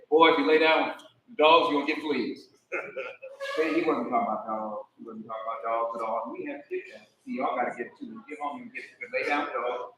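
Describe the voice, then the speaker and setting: A man giving a memorial eulogy, telling animated stories with laughter and mimicking the deceased. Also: medium pitch, slight background noise. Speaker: eulogy speaker. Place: memorial service hall. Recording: echoey hall, voice from far off.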